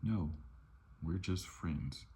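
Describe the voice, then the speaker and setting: Earnest teen boy hero, read by a man, whispered role-play, very low voice. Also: very slow, warm tone, slight background noise. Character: teenage male superhero, earnest and shy.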